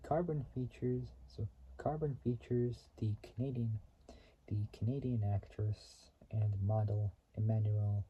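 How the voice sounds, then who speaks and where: A man with an extremely dark, mellow voice rambles through game facts in a casual, stop-start way, often correcting himself. The recording sounds dull and lo-fi, with a faint hiss behind him. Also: medium pitch, steady tone, takes it slowly, long pauses. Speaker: gaming video host.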